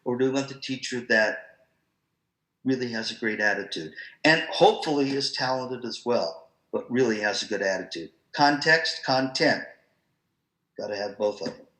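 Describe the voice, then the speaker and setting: A man presenting an online professional-development talk to music teachers, in a lively, conversational, storytelling manner. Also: mid-range voice, normal speed, reverberant, rough recording.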